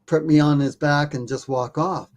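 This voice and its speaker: Animated, self-mocking male storyteller. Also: fairly high pitch, moderate pace. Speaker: podcast guest, documentary filmmaker. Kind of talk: casual storytelling.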